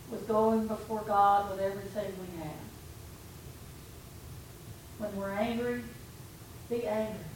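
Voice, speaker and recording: A woman pastor preaching a sermon in a conversational, storytelling way, retelling her talks with a congregant. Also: mid-range voice. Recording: echoey room from far off, faint background noise.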